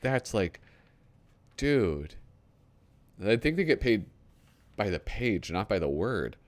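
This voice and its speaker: A man's voice: lowish voice, very animated, slow pace. A man hosting a casual magazine flip-through, who swears and trails off into mumbled asides. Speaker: host.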